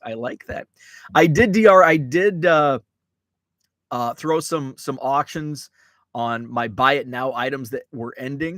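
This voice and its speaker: A man's voice: medium pitch, fairly bright tone, no echo. Chatty man hosting a live hobby show. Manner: rambling, chatty, many fillers and restarts. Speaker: podcast host reading live chat. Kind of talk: casual live-stream chat.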